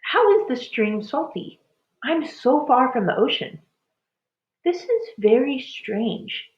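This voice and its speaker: A woman gives voice to a curious young girl, bold and quick to cry out. Her voice sits high above the reader's usual tone and swings widely. The recording sounds dull and lo-fi. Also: wildly swooping pitch, roomy sound. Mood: puzzled. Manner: raised, eager exclamations.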